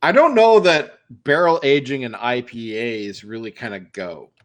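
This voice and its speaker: A man's voice: mid-range voice, big pitch swings, moderate pace. A man co-hosting a casual livestream beer tasting, easygoing and agreeable. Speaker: co-host of a beer review show.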